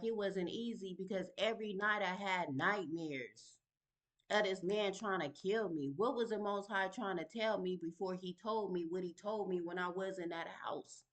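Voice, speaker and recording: A woman telling her own story in a vlog, talking in an emphatic, conversational way and often asking "you feel me?". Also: lowish voice. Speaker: vlogger sharing her story. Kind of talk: casual personal storytelling.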